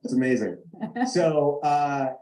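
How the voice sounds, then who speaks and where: A man's voice: on the high side, slow pace, warm tone. A man giving a live talk to an audience, acting out both sides of arguments in quoted voices. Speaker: guest speaker. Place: event stage. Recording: echoey large room.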